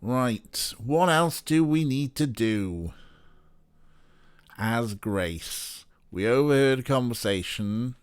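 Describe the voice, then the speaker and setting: Welsh man, game streamer, unhurried talk, dry close sound, chatty, swears, laughs a lot. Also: mid-range voice, lively intonation, clean tone, dry recording. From Wales. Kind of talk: casual let's play chat.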